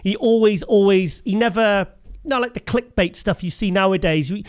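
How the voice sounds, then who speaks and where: British man, high-voiced chatty host. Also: normal speed, smooth. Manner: chatty, hesitant, many restarts. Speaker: host, magazine writer. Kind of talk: casual interview chat.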